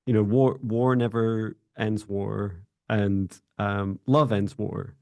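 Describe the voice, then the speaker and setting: A man with a low, gravelly voice talks in a relaxed, hesitant way, with plenty of ums as he goes. He hosts a casual spiritual chat and laughs along with his guest. The recording is dry and close. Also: slow, no echo. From Scotland. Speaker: host, psychic mentor.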